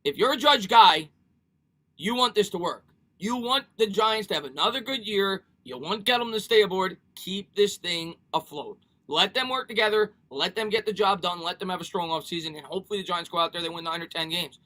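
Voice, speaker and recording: A man's voice: high voice, brisk, bright, forceful tone. A man hosting a casual live sports stream, talking energetically, repeating himself and reading viewer comments aloud.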